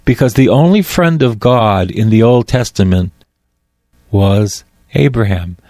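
A man's voice: mid-range voice, darkish tone, dry recording, clean studio sound. A man preaching a sermon, fervent and repetitive, quoting scripture and driving points home by repeating phrases.

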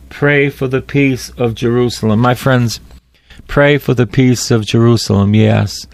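Gravelly man preaching a fervent prayer. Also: medium pitch, fairly even intonation, no echo. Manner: fervent, slow and solemn in prayer; repeats phrases for emphasis. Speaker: radio preacher. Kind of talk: prayer and sermon.

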